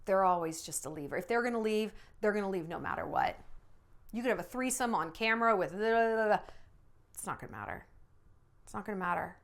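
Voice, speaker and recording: A woman's voice: medium pitch, quick pace. A woman in her thirties giving blunt, sassy dating advice straight to the viewer, acting out quoted voices with big swings. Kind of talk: direct-to-camera advice talk.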